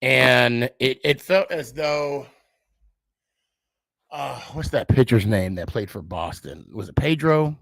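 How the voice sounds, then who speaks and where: A man's voice: medium pitch, animated, takes it slowly, creaky, fairly bright tone, no room sound. A man hosting a podcast, telling a casual, rambling and profane story as a frustrated sports fan who pokes fun at himself. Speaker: podcast host.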